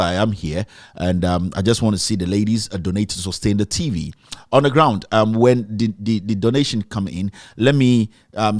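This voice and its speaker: Halting man hosting live. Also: lowish voice, dry recording, clean studio sound. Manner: halting, with many pauses and restarts. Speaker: host of a live online TV show. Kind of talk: live broadcast chat, thanking donors. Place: studio.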